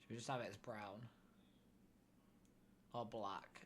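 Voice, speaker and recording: A man's voice: lowish voice, fairly even intonation, takes it slowly, a bit bright, slight background noise. A young man streaming live, chatting casually and thinking aloud while building a character.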